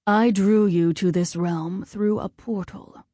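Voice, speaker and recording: A woman voicing a stern, commanding male war god who speaks slowly and ominously, at times in a hush. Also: lowish voice, fairly even intonation, dry recording, studio quality. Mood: measured, ominous.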